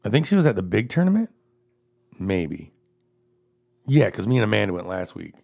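A man with a low, gravelly voice tells stories among friends. He talks crudely and profanely, laughs often and gets animated. It is relaxed, casual chat. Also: normal speed.

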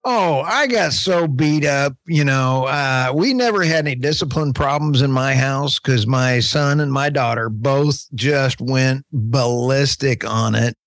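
A man's voice: mid-range voice, a little slow, few pauses, a bit bright, dry recording, studio quality. A man in his fifties with a Texas and Oklahoma accent, hosting a podcast in a jokey, self-deprecating, rambling way. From southern United States. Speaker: podcast host. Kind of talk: casual podcast chat.

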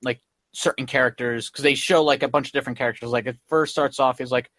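A man's voice: mid-range voice, steady tone, fast, fairly bright tone, no room sound. Man rambling through a casual recap. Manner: rambling, filler-heavy retelling with many "like" and "um". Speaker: podcast host. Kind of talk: casual chat recapping a comic.

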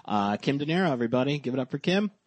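A man hosting a podcast remotely, talking in a monotone, cursing casually and rambling with lots of fillers. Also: medium pitch, very fast, no room sound. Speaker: podcast host.

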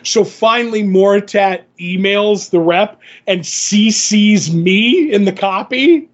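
Brief: husky, high-pitched male podcast co-host, animated storyteller, lo-fi audio. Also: slow, hardly any pauses. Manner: animated, acts out others' lines in the story. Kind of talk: casual storytelling chat.

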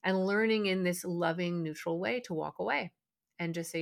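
A calm, reflective woman hosts a parenting podcast, pausing on fillers and circling back to restart her sentences. Her voice sits a little low and carries a noticeable gravelly fry. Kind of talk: casual podcast talk.

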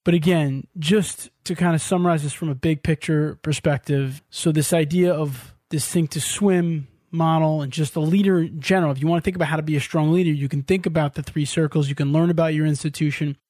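A man hosting a podcast, asking questions and summarizing points in a clear, friendly way. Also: fairly high pitch, fairly even intonation, fairly quick, hardly any pauses, darkish tone, no echo, clean studio sound. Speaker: podcast host.

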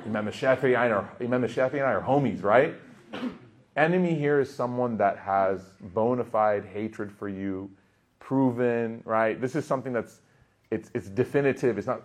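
A young man teaching a class, telling stories in a lively way that swings between loud emphasis and hushed asides. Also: on the low side, moderate pace, slight background noise. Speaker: Islamic teacher. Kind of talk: lively class talk with storytelling.

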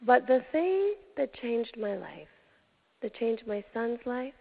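Older woman, host, emotional storytelling, gravelly, tinny phone-like audio. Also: on the high side, big pitch swings. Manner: emotional, dramatic pauses, drops to hushed tones. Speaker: show host. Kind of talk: personal storytelling.

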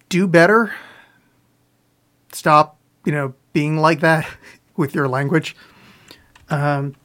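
A man with a slightly high voice chats on a live podcast stream, with a sore throat. He rambles from one listener question to the next, swears freely and mocks himself as he talks. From US East Coast. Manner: rambling, profane, self-mocking. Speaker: podcast host. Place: home, live on video stream.

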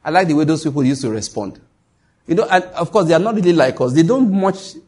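A man's voice: on the high side, husky. A man preaching a sermon, telling stories with humor and acting out the dialogue. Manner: animated, humorous storytelling with acted-out dialogue.

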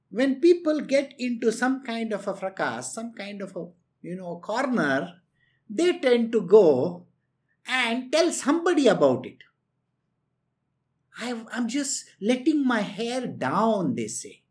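A woman's voice: on the high side, a little mellow. A woman giving an earnest spiritual discourse, lecturing her listeners directly. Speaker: spiritual teacher.

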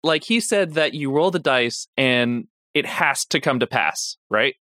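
A woman on a casual podcast with a low voice that still swings widely in pitch. She drops wry, dry quips into the talk. The sound is close and dry. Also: animated, a little slow, a bit bright, no room sound. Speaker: podcast co-host.

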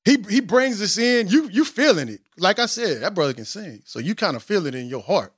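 A man hosting a podcast in a casual, animated way, mocking himself as he tries to rap and then explaining with preacherly emphasis. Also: high-pitched, a little fast, husky, no echo, studio quality. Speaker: podcast host. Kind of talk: casual podcast intro with attempts at rapping.

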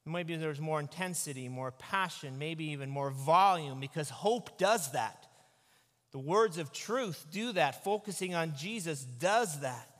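A man, a pastor, giving an animated, conversational sermon into a microphone. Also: fairly high pitch, measured pace. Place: church sanctuary. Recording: echoey church hall.

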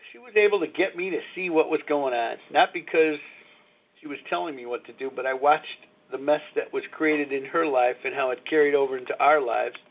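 A middle-aged man hosts a live call-in show with candid, confessional talk. His voice sits a little high for a man and reaches the listener through a narrow, phone-like channel. He reflects openly and speaks without polish. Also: creaky.

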